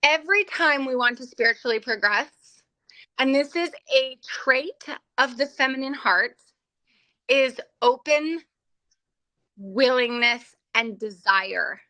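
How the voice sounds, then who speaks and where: A middle-aged woman teaches a faith-based class, talking openly and with animation about her own spiritual life. Her voice is high and bright, and the recording is dry and close. She laughs at herself often as she goes. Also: takes it slowly, no echo, rough recording.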